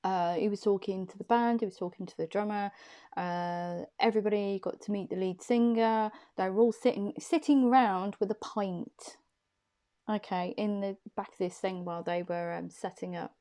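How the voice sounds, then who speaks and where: A woman's voice: medium pitch, fairly even intonation, moderate pace, warm tone. A woman, a reader chatting casually and laughing at herself as she tells a personal story. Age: young adult. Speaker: intuitive reader.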